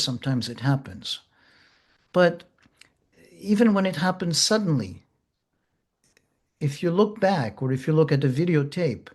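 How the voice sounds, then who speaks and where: A man teaches therapy in an unhurried, thoughtful way. His voice sits a little higher than most men's, and he takes his time, easing in fillers and pauses as he goes. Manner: slow, gentle, measured with pauses and fillers. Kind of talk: reflective teaching talk.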